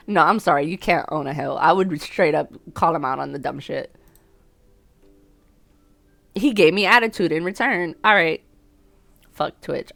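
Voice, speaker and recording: A young woman with a low, gravelly voice streams a dating sim, reading the story text aloud and chatting about it. She pokes fun at herself and laughs often. The sound is dry and close, with no room in it. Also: normal speed, fairly bright tone, no echo. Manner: self-deprecating, chatty, laughs often, talks back to the game. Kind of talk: casual let's-play commentary and reading game text aloud.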